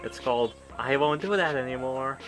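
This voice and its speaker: A man's voice: medium pitch, normal speed, lightly acted, low-quality recording. A man voicing a smug, cruel male show host who stages a mock trial, in a theatrical, mocking tone over game music. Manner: mocking, theatrical, sing-song.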